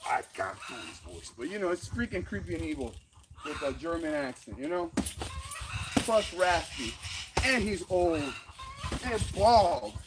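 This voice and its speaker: A man's voice: sits high, sing-song, measured pace, vocal fry, noisy background. Rambling man mid-workout outdoors, roosters behind. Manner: loose, rambling, swears freely, laughs often. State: breathing hard from boxing bagwork. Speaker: fitness vlogger. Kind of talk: casual rambling talk during a workout. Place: outdoor home gym under trees on rural land. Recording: loud outdoor background with roosters and dogs.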